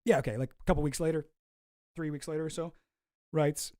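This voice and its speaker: A man's voice: fairly high pitch, fairly even intonation, brisk, dark tone, no room sound, studio quality. A man on a casual livestream, reading messages aloud in mocking put-on voices and commenting sardonically. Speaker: streamer.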